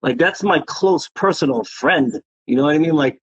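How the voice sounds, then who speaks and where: Profane rambling New man, husky voice. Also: a little high, moderate pace, no room sound. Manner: profane, rambling, animated storyteller. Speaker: interview guest, graffiti writer. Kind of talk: casual storytelling interview. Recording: dry, dull lo-fi sound.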